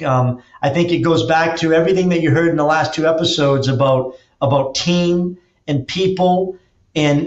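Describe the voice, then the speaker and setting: A man guest on a podcast, an energetic storyteller who acts out quotes and restarts his sentences often. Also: on the high side. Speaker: podcast guest, auto dealer and drag racer. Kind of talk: casual interview talk. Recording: roomy, dull lo-fi sound.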